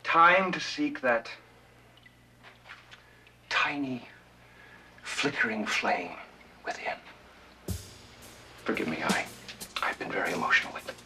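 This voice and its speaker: A man's voice: medium pitch, big pitch swings, takes it slowly, pauses often, pushed and bright, full character voice. An actor playing a scheming, theatrical middle-aged businessman in a TV drama, with florid, melodramatic pleading. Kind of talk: TV drama acting. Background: music.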